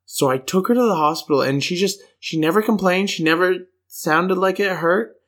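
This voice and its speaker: A man's voice: high-pitched, normal speed, fairly bright tone. A man with an American accent, co-hosting a podcast in casual, playful chat and telling rambling stories. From United States. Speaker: podcast co-host.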